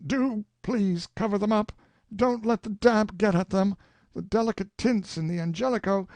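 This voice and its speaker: A man's voice: medium pitch, big pitch swings, unhurried, creaky, warm tone, husky, no echo, pitched above the performer's own voice, exaggerated voice. A man playing a grandiose old scheming colonel. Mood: pleading. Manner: flowery, pleading, theatrical.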